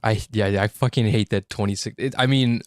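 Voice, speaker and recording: A man's voice: fairly low pitch, steady tone, a little fast, background noise. A young man streaming in casual chat, frank and profane, often restarting his sentences.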